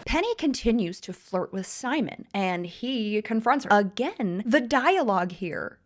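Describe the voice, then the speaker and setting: A woman's voice: on the high side, lively intonation, unhurried, slight background noise. A woman giving irreverent, sarcastic commentary recapping a TV drama. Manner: sarcastic, laughing.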